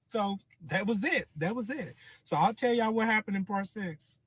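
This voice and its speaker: A man's voice: high voice, normal speed, fairly bright tone, no echo. A man telling a personal story in a series, dramatic and full of swearing, acting out what others said. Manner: profane, dramatic, quotes others in voices.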